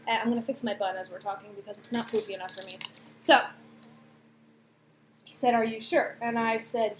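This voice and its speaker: A young woman in her twenties telling a personal story to camera, chatty and animated, with lots of fillers and acted-out quotes. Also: fairly high pitch, fairly quick, pauses often. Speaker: vlogger. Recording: echoey room, faint background noise.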